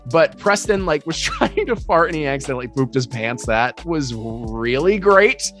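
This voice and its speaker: A man's voice: fairly high pitch, sing-song, moderate pace, fairly bright tone, soft background music. A man in a casual podcast conversation about films, speaking enthusiastically and laughing often. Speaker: podcast co-host. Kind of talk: casual film discussion.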